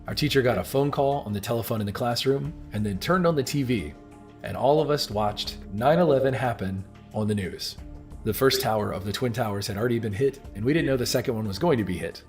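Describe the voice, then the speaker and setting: A man's voice: medium pitch, a little fast, soft background music. A man in his thirties giving earnest, scripted narration and asking the viewers questions directly. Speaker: video narrator.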